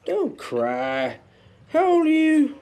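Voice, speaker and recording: A man playing a boastful, rough former wrestler who needles a teenager with playful taunts, in a film drama. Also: very high-pitched, wildly swooping pitch, slow, darkish tone, exaggerated voice. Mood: taunting.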